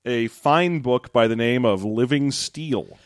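A man's voice: medium pitch, takes it slowly, dry recording, studio quality. A man co-hosting a comedy podcast, rambling through jokes and silly tangents in casual banter. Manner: jokey, rambling, jumps into silly bits. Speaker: podcast co-host.

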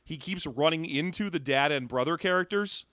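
A man's voice: on the high side, normal speed, bright, forceful tone, dry recording, clean studio sound. A man co-hosting a casual movie recap chat, wry and sarcastic, often laughing. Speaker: podcast co-host.

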